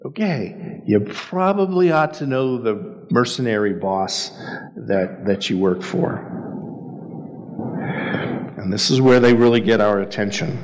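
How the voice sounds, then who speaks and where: A low-voiced man leading a Bible study, talking in a loose, conversational way and often turning to ask the group questions. His voice carries a long, echoey hall reverb around it. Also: expressive, measured pace.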